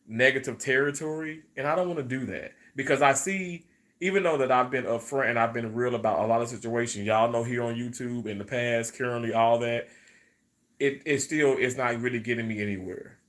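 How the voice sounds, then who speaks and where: A man hosts a casual live stream, drifting from one thought to the next. He restarts phrases, repeats words and calls his viewers y'all. His pitch sits at an ordinary middle height. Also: fairly bright tone. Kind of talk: casual live stream chat reading comments.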